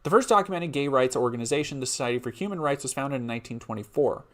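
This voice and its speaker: A man streaming live reads a history script in an everyday mid-pitched voice. He breaks off often for loose, laughing asides to his chat, then returns to the reading. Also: expressive, quick pace. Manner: casual, laughing asides between read passages.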